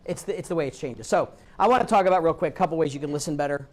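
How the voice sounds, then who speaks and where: A man giving a live training talk to a room of real estate agents, lively, acting out what people say. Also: a little high, very fast.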